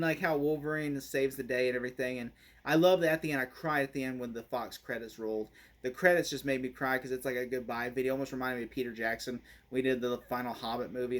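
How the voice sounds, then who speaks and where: A man giving a casual spoken movie review, rambling and laughing often. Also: medium pitch.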